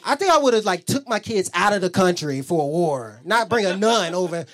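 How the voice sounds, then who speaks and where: High-voiced man rambling through a stand-up set. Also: sing-song, a little fast, hardly any pauses. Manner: loose, rambling punchlines with acted bits. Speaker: stand-up comedian. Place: comedy club stage.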